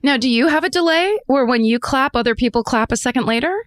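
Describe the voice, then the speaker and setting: A middle-aged woman co-hosting a podcast from home over a video call, telling stories in a casual, animated way and laughing often. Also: high voice, fast talker, no room sound, studio quality. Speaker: podcast co-host. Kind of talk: casual chat. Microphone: remote video call.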